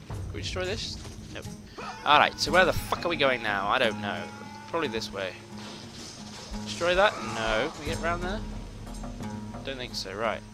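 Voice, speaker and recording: A man giving profane, excitable gameplay commentary, talking to himself as he plays, with game music behind. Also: mid-range voice, normal speed, pauses often. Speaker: gamer playing a video game.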